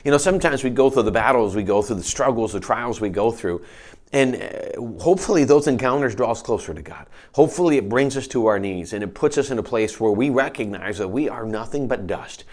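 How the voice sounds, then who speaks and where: A man's voice: mid-range voice, lively intonation, brisk, a little mellow. A man who is a pastor, giving an earnest, conversational sermon and reading scripture aloud. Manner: earnest, conversational preaching with frequent restarts.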